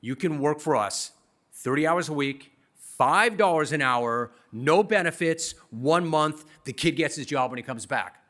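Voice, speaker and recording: A man voicing a brisk, matter-of-fact male radio station boss in a spoken anecdote. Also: fairly high pitch, animated, fairly bright tone.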